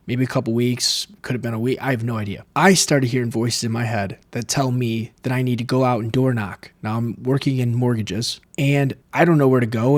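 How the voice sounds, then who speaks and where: A man's voice: medium pitch, no echo. A young adult man talking casually to camera, candidly telling his own story. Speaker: vlogger.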